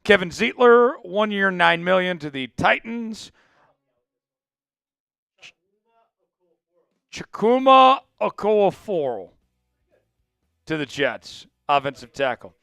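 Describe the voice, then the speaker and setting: A man's voice: high voice, vocal fry, pushed and bright, smooth, dry recording, clean studio sound. A man hosting a live sports news stream, blunt and opinionated, rattling off news items while worn out after hours of live coverage. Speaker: sports show host.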